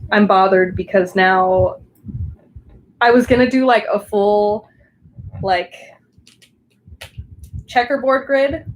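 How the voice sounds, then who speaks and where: A woman's voice: medium pitch, slow, long pauses, low-quality recording. A young woman with a Southern Californian accent, chatting casually with a live stream audience while she crafts at home, rambling and full of restarts. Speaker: crafting livestreamer.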